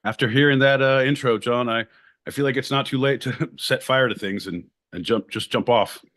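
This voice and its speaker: A man from Southern California co-hosting a podcast with rowdy, jokey banter, switching between showman bursts and low mutters. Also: moderate pace, fairly bright tone. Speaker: podcast co-host.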